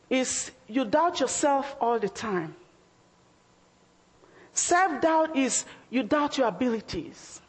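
A woman preaching a sermon in an emphatic, exhorting manner, acting out the anxious questions of her listeners. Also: sits high. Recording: long hall reverb.

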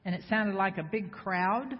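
A woman preacher delivering a lively sermon, bantering with the congregation and firing off rhetorical questions. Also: mid-range voice, normal speed. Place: church sanctuary before a congregation. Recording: echoey hall, slightly dull sound.

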